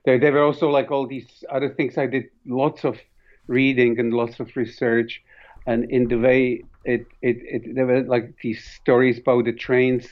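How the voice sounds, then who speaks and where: A man's voice: medium pitch, flat delivery, normal speed. A man with a foreign accent, an author in an interview, telling anecdotes animatedly with many restarts. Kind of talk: conversational interview. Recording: dull lo-fi recording.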